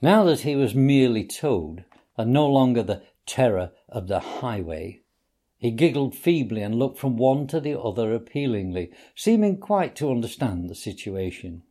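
A man reading a storybook aloud as narrator in an expressive, unhurried way. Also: medium pitch. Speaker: audiobook reader.

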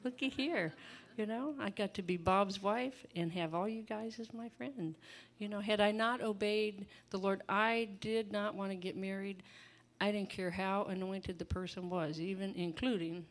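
A woman's voice: medium pitch, fairly even intonation, moderate pace, few pauses. A woman preaching an informal sermon in a chatty, folksy way, laughing often and breaking into asides.

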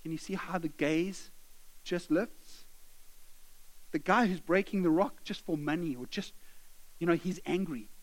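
Animated preacher, high voice. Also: male voice, measured pace, pauses often, low-quality recording. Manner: animated storytelling, acting out characters. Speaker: pastor. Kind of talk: sermon.

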